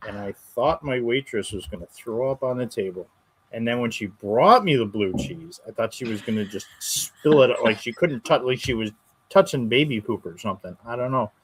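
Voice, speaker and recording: A man's voice: mid-range voice, lively intonation, moderate pace, husky. A man from Western New York co-hosting a casual livestream chat, talking in a laid-back, rambling way. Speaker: co-host.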